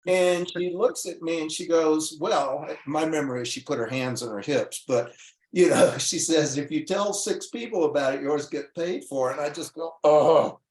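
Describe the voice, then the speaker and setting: A man, a guest doctor, telling his story in casual talk, earnest and animated, acting out the dialogue as he goes. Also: on the high side, normal speed, reverberant. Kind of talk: casual storytelling on a call-in show.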